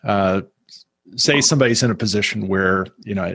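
A man's voice: lowish voice, fairly quick, vocal fry, a bit bright, breathy edge. A man hosting an interview, asking long, rambling questions with many fillers and restarts. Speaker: interview host. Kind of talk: conversational interview.

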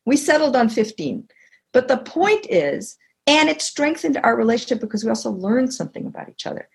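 A middle-aged woman being interviewed as a communication expert, explaining with animated stories and acting out bits of dialogue. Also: medium pitch, moderate pace, vocal fry, husky. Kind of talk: conversational interview.

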